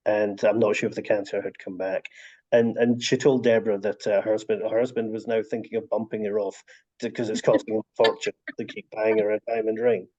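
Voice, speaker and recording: Mellow-voiced man on a dull video call. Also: on the low side, little pitch movement, a little fast. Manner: warm storytelling, frequent restarts. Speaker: author and story collector. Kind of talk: casual video call chat.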